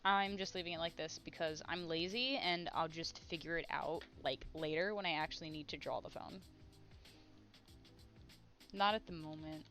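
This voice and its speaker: A woman's voice: deep voice, normal speed, a bit bright, faint music behind. A woman streaming while she draws, chatting in a rambling, giggly way. She has a headache. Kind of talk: casual chat while drawing on stream.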